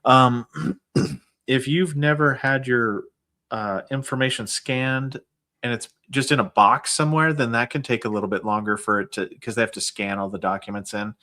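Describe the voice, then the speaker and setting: A man's voice: medium pitch, steady tone, moderate pace, pushed and bright. A man who is a guest on a casual livestream, giving advice on veterans benefit claims. He explains things steadily and uses many fillers such as "I mean" and "like".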